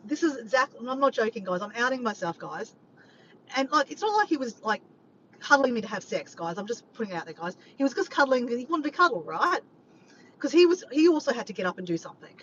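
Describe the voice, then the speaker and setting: A woman rambling to her viewers on a live stream, animated and swearing freely. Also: fairly high pitch, fast. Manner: animated, swears often, keeps addressing "guys". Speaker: vlogger doing a live stream. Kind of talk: rambling casual chat to viewers. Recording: slightly muffled, faint background noise.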